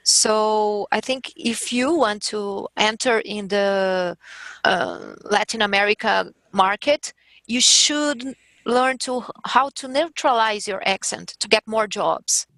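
Slow-talking woman. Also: mid-range voice, a bit bright, no echo. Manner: careful, halting English with a strong accent. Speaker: voice actor guest. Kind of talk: podcast roundtable chat.

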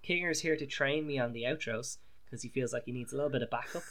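A man's voice: mid-range voice, fast talker, fairly bright tone. A man from Ireland hosting a podcast, joking wryly as he wraps up the episode. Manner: joking, wry. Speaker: podcast host. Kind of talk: casual chat.

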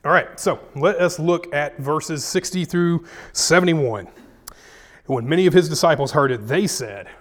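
A man's voice: on the high side, unhurried, long reverb tail. A man leading a casual Bible study, retelling scripture in slangy, folksy speech.

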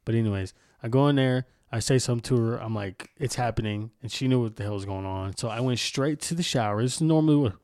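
A man's voice: mid-range voice, quick pace, few pauses, a little mellow. Candid, profane young man telling a story. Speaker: podcast host. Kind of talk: casual storytelling chat.

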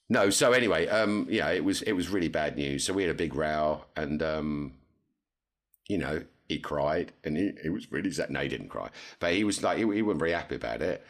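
Deep-voiced man telling a story. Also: brisk. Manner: animated, jumps to high pitch when quoting others. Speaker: podcast co-host. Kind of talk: casual storytelling chat.

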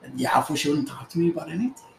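A man's voice: a little high, expressive, very fast, gravelly. A young man chatting casually and laughing often, with a laid-back, profane manner full of filler words. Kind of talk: casual chat. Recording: echoey room with faint ambient noise.

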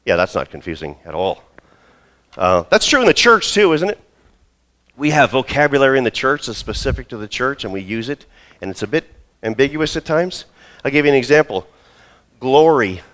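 A man in his role as pastor, preaching a sermon and telling a story with lively asides. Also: medium pitch, normal speed, long pauses. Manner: storytelling, acts out quoted voices.

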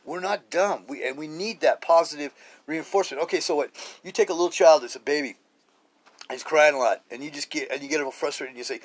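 A man's voice: a little high, fast, breathy edge. A middle-aged man recording a spiritual podcast on a cheap phone, talking casually with profanity, restarts and repetition. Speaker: podcast host. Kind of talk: rambling spiritual podcast monologue.

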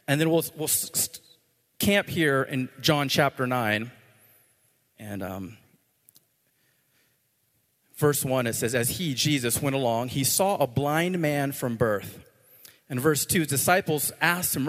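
A pastor preaches a sermon in church, his voice slightly high and a bit bright, with lively intonation at a moderate pace. He slips in playful, joking asides, then prays earnestly, all under long hall reverb.

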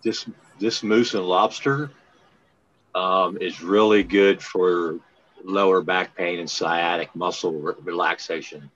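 A low-voiced man from Maryland rambles through casual chat, halting and restarting as he goes. His voice comes through muffled and lo-fi. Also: steady tone, fairly bright tone. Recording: muffled lo-fi sound.

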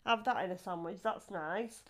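A woman co-hosting a podcast, telling stories in a chatty, animated way with frequent laughs. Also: medium pitch, normal speed. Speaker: podcast co-host. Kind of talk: casual chat.

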